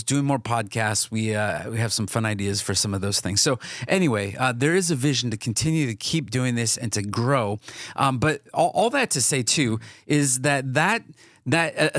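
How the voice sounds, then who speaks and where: A podcast co-host speaks in a casual, earnest manner, frequently restarting sentences and using many fillers. His mid-range voice has a fairly bright tone, captured in a dry, clean studio recording.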